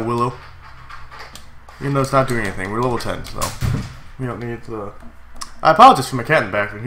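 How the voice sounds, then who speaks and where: Congested young man's excitable game commentary. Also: mid-range voice, slight background noise. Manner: chatty and excitable, with sudden yelps at the game. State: congested from a cold. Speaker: gaming YouTuber. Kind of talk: casual Let's Play commentary.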